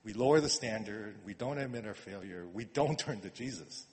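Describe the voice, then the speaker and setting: A man preaching a sermon in a conversational way, repeating words and swinging from quiet asides to emphatic urging. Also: fairly low pitch, lively intonation, brisk. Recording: long reverb of a hall.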